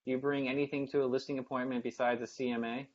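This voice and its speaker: A man's voice: mid-range voice, little pitch movement. A man hosting a live webinar, reading viewer questions to his guest. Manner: quick, reads viewer questions. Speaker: host. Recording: muffled lo-fi audio.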